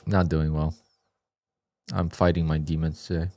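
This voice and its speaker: A man with a deep, low voice talks through his day trading as it happens, muttering, cursing and scolding himself with sudden frustrated outbursts. The sound is dry and close to the mic, with no room around it. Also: little pitch movement, normal speed, darkish tone, dry recording. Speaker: day trader streaming his trades. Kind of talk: live trading commentary.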